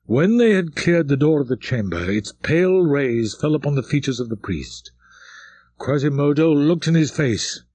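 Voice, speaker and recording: Husky-voiced male audiobook narrator. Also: medium pitch, a little mellow, dry recording. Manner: dramatic, measured storytelling. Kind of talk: scripted narration of a classic novel.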